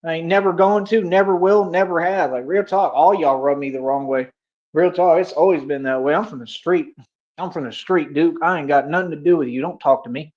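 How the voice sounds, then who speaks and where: On a livestream, a young man with a high, cocky voice boasts and confronts his listeners, tossing out street slang and challenges in a ranting monologue. He talks a little fast, and the audio is dull and lo-fi, like a cheap stream mic.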